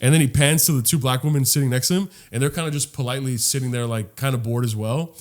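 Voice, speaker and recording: A man co-hosting a podcast in casual chat, animated and profane, rambling with many restarts. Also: mid-range voice, fast talker. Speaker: podcast co-host.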